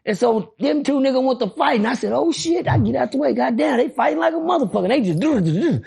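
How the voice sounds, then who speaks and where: A man telling a story on a podcast in a casual, animated way, acting out voices and throwing in profane asides. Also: very high-pitched, quick pace, vocal fry, breathy edge.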